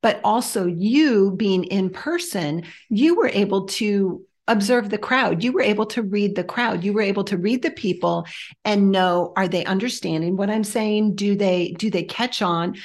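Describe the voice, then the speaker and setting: A woman's voice: mid-range voice, normal speed. A woman co-hosts a podcast in an easy, conversational tone. She reflects on the topic and stacks her points one after another. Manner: reflective, builds points in lists. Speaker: podcast co-host.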